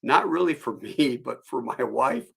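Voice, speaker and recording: A man's voice: mid-range voice, lively intonation, unhurried, vocal fry, fairly bright tone, husky. A man hosting a solo live stream, telling rambling travel anecdotes with frequent chuckles. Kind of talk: storytelling.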